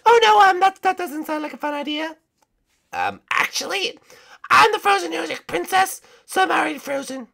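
A shy, squeaky young princess, played by a woman. She stammers and hesitates, and her pitch sits well above the performer's own voice in a role-play game. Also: huge pitch swings, moderate pace, gravelly, fairly bright tone, heavily acted. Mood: nervous. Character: timid young female frozen music princess.

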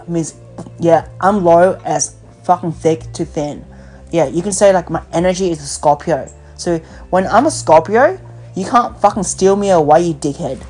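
A woman's voice: fairly low pitch, normal speed, a little mellow. A woman hosting a podcast, ranting bluntly in casual chat with lots of swearing and fillers. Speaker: podcast host. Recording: phone call with faint music.

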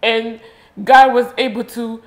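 A woman hosting a talk show interview, soft-spoken and affirming toward her guest. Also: fairly high pitch, fairly even intonation, slow pace. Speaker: host.

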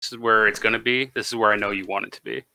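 Young male co-host with a sharp, bright voice, teasing in loose banter. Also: on the low side, fairly even intonation, racing, creaky. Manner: joking, teasing. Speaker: podcast co-host. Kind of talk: casual banter.

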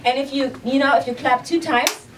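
A woman's voice: sits high, fairly quick. Giggly German woman doing stand-up. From East Berlin, Germany. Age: young adult. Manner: chatty, giggly, loose broken English. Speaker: stand-up comedian. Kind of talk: live stand-up set. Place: small comedy club. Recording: distant mic, noisy live club.

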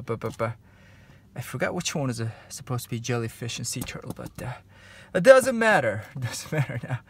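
A man's voice: mid-range voice, a bit bright. A man teaching a home painting lesson step by step, easygoing and chatty, with many fillers and repeated encouragement. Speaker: painting instructor. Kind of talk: relaxed step-by-step tutorial. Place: home studio.

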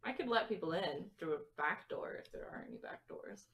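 A woman's voice: lowish voice, animated, a little fast, fairly bright tone. A woman playing in a tabletop game who speaks hesitantly and thinks aloud. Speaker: player. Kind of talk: casual tabletop play. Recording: voice away from the mic.

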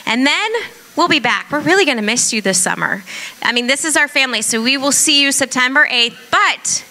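A woman's voice: high-pitched, lively intonation, a little fast, pushed and bright. A woman hosting a parish event, making upbeat, encouraging announcements to the crowd. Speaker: event host.

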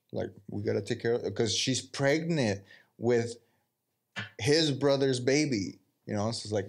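A man's voice: fairly low pitch, normal speed. A man, a podcast co-host in casual chat, retelling a movie plot with lots of swearing and acted-out quotes. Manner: profane, animated storytelling, acts out quotes.

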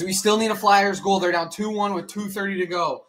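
A man with a high, bright voice streams his reaction to a tense game, fretful and repetitive. Slight background noise sits under his voice. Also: a little fast, rough recording. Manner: anxious, excitable, repeats phrases over and over. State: out of breath. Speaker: streamer hosting a hockey watch-along. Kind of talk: live reaction commentary.

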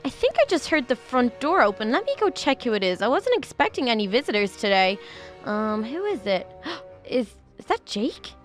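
A woman's voice: on the high side, big pitch swings, moderate pace, faint music behind. A woman hosting a Minecraft roleplay, talking to herself in anxious, rambling bursts full of fillers and restarts. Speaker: channel host playing her own character. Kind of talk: Minecraft roleplay narration and voice acting.

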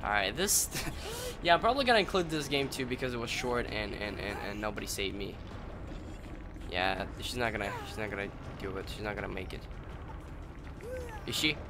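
A young man commenting on his own game play, yelling and swearing in angry bursts at the game. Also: medium pitch, lively intonation, moderate pace, noisy background. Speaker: gaming channel host. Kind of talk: gaming commentary.

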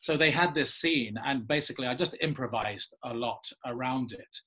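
An English man with a slightly husky voice, speaking as an interview guest. He tells stories with animated energy and laughs easily between them, pitched at an ordinary middle register. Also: normal speed. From England. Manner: animated storyteller, laughs often. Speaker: actor guest. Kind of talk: casual interview anecdote.

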